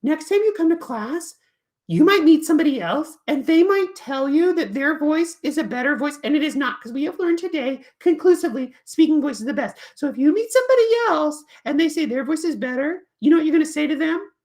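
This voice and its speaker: A woman's voice: high-pitched, expressive, a little fast, darkish tone, voice pushed up. A woman voicing a cheerful, stubborn boy puppet who boasts and chants in a sing-song way. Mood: teaching.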